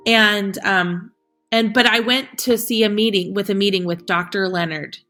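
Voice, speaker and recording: Woman, thirties, podcast guest, casual storytelling, animated, bright tone. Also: mid-range voice, normal speed, soft background music. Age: 30s. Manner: animated, acts out quoted dialogue, laughs often.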